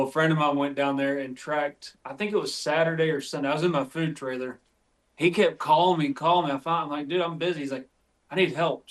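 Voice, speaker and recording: A man from West Virginia, a podcast guest, telling tracking stories in a rambling way full of fillers. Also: on the high side. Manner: rambling, filler-heavy storytelling. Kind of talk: casual chat.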